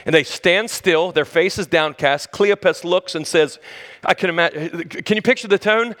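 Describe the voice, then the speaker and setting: A high-pitched male preacher delivers a sermon in a long-echoing hall. He speaks directly to the congregation, rising to loud, high bursts and then sinking to hushed, low phrases. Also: measured pace. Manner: dramatic swings between loud high exclamations and low hushed lines; conversational, addresses the listeners directly. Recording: long reverb of a large hall.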